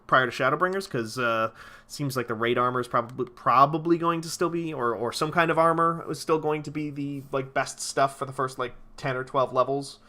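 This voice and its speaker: Bright-voiced male game streamer. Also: medium pitch. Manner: rambling, profane, enthusiastic. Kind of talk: casual gameplay commentary.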